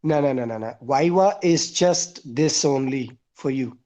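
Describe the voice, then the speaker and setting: A man's voice: mid-range voice, a little slow, mellow. A man teaching an online class. He lists his points one by one and repeats the key words. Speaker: English teacher. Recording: dull lo-fi online call audio.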